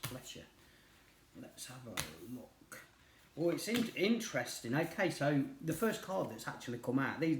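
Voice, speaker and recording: A man's voice: medium pitch, background noise. Middle-aged man, tarot reader, rambling casual chat, many fillers, roomy echoey sound. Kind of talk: casual chat while reading cards. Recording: roomy echo.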